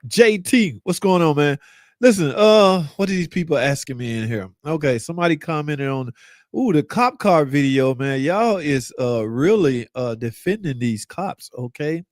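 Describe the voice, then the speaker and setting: A man's voice: high-pitched, dry recording. A man with a slightly raised voice hosts a casual live car-talk stream. He goes through viewer comments in loose slang and jokes with them. The sound is close and dry, with no room around it. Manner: loose, slangy, joking banter. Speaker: car channel host.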